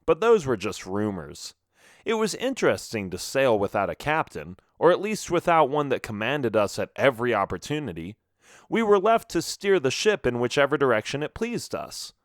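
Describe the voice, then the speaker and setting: Male storyteller for a children's audiobook, expressive, dry close sound. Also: medium pitch, no room sound. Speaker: audiobook narrator.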